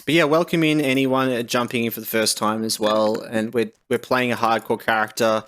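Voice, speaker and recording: A man's voice: medium pitch, brisk. Laid-back Australian man streaming a game. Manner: relaxed and rambling, reads chat aloud, many "you know"s. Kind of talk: casual live-stream chat.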